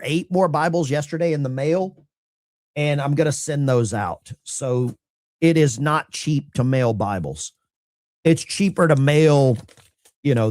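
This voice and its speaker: A man's voice: a little high, dry recording. A middle-aged man, a veteran, hosting a casual livestream and reading viewer mail in a blunt, salty, self-mocking way.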